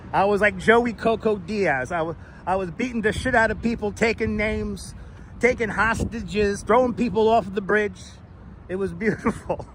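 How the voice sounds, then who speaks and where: A man with a high-pitched, slightly bright voice hosts a casual live stream outdoors in a city, working as a tour guide as he goes. He talks loosely, swears and laughs a lot, speaking into a wireless clip-on mic with slight background noise.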